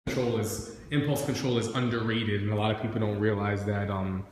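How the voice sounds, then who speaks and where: A man's voice: on the low side, fairly even intonation, a little fast, noisy background. A man, a dog trainer, talking casually on a live stream, chatty and often asking "right?" while working with dogs. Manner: chatty, talks to viewers and dogs, frequent "right?" and "like". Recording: echoey room with long reverb.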